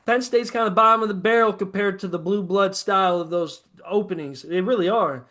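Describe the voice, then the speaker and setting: A man with a high, light voice holds forth in loose podcast chat. He swears freely, rants with gusto and slips into mocking put-on quotes to make his points. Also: fairly quick. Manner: profane, animated ranting with mocking quoted asides. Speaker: podcast co-host. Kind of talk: casual sports chat.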